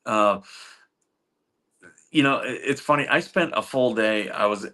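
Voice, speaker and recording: A man's voice: fairly low pitch, unhurried, sharp tone. A middle-aged man hosting a livestream, chatting casually with viewers and rambling through stories with frequent chuckles and fillers. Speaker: livestream host reading chat.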